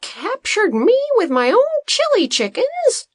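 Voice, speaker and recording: A woman's voice: wildly swooping pitch, a little slow, no echo, clean studio sound, exaggerated voice. A woman voicing an eccentric male farmer-inventor who complains indignantly, in a storybook reading. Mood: outraged. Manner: indignant, shrill.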